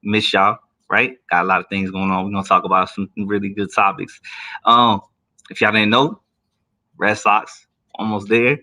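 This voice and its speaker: A man hosting a casual livestream, joking and slangy, doing high voices when he quotes people. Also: level tone, normal speed, sharp tone. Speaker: livestream host, Army career counselor.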